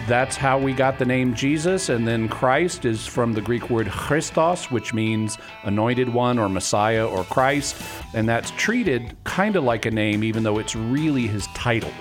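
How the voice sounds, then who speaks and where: A man answering callers' questions on a call-in radio show, explaining in a measured, patient way. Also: lowish voice.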